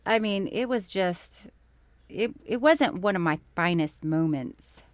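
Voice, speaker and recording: Give me a woman co-host in casual conversation, an animated storyteller who breaks into loud laughs. Her voice is mid-pitched, and it sounds dry and close, with no room around it. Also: unhurried, no echo. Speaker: podcast co-host. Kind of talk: casual chat.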